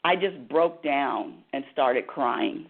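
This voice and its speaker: A woman's voice: rumbling low, takes it slowly, creaky. A woman radio host and happiness coach telling a personal story with passion, acting out dialogue in a talk radio monologue. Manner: impassioned storytelling with dramatized dialogue. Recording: tinny phone-like line.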